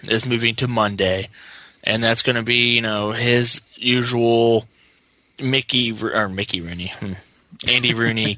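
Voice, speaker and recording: A man's voice: fairly low pitch, sharp tone, dry recording. A man co-hosting a casual podcast, sounding sleepy and rambling through plans with many fillers and restarts. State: yawning, sleepy. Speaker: podcast co-host.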